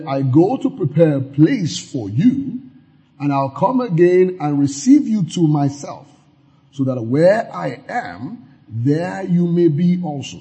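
A man preaching a sermon, explaining scripture verse by verse and slowly repeating key phrases for emphasis. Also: on the high side, mellow. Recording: dull lo-fi sound.

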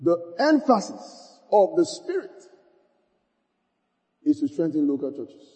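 A man preaches to his congregation from a big, echoing hall, his high voice leaping up and down. His tone is mellow and dark even when he presses a point. He keeps checking in with the room and repeats his lines to drive them home. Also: slow pace. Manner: call-and-response preaching, repeating phrases. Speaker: pastor. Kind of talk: sermon. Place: church hall.

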